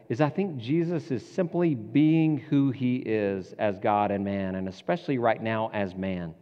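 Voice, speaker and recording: A man giving a reflective, conversational sermon as a pastor. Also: mid-range voice. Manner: reflective, conversational, with self-corrections. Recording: dull sound with long hall reverb.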